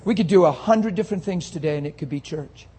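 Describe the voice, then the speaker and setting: A male pastor preaching a sermon, forceful and confrontational, often breaking into shouts. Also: on the high side, fast, slightly rough.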